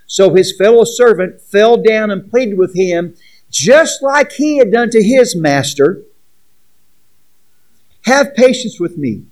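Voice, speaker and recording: Guy preaching a sermon, pretty high voice, earnest, reads scripture and chats with the crowd. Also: expressive, a little slow, a little mellow, low-quality recording. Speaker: pastor.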